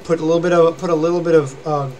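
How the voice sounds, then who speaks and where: Talking rapid-fire in a fairly high, level voice, a young man streams live and explains how to scream and growl, rambling and demonstrating as he goes. Heavy background noise runs underneath this casual vocal lesson.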